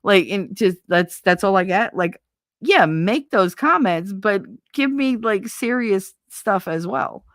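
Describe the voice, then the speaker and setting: A woman's voice: mid-range voice, lively intonation, slow pace, no echo. A middle-aged woman live-streaming, chatting casually and reading out viewer comments, blunt, profane and sarcastic, often laughing.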